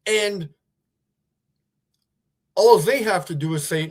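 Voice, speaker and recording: A man's voice: high voice, slow pace, pauses often. A man hosting a livestream, talking casually in a sarcastic, rambling way with many fillers. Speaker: livestream host.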